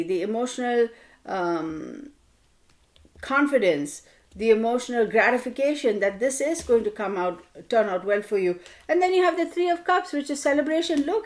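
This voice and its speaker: A woman giving a casual tarot card reading to camera, chatty and animated, playfully scolding her viewers. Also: a little high. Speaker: tarot reader.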